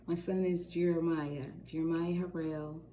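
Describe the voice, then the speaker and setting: A middle-aged woman talks casually to her viewers in a lowish, mellow voice. She rambles warmly and repeats her phrases. Faint noise sits behind the recording. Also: flat delivery, normal speed. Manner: warm, rambling, repeats phrases, says y'all. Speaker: co-host of a faith channel. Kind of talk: casual direct-to-camera talk.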